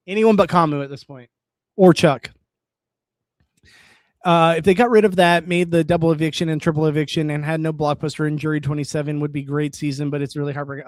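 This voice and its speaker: Brief: a young man as an excitable live-stream host with a slightly high voice, dry close sound. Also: dry recording. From California. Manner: chatty and excitable, reacts aloud, laughs often. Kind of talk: casual live-stream chat, reading comments.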